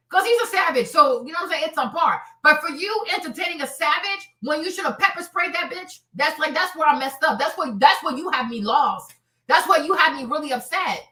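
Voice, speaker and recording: A woman's voice: high voice, pushed and bright, echoey room. A woman hosting a live stream, ranting in a heated, profane, repetitive way. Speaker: streamer host.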